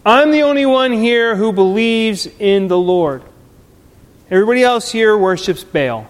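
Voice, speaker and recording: Brief: male preacher, high voice, slow deliberate delivery, dramatic sermon, hall reverb. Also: lively intonation. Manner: dramatic, storytelling, swings loud and soft.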